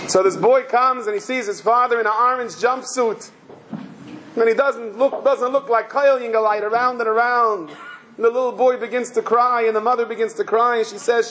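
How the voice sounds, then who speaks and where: A man's voice: sits high, normal speed, slight background noise, low-quality recording. A man, a rabbi, giving a sermon with emotional storytelling and repeated phrases.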